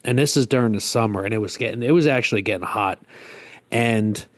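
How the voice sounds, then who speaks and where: A man's voice: on the low side, brisk, dry recording. A middle-aged man from the Northeast United States, co-hosting a podcast and telling a long rambling anecdote in casual chat, acting out the quotes. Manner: rambling, self-interrupting anecdote with acted-out quotes. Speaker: podcast co-host.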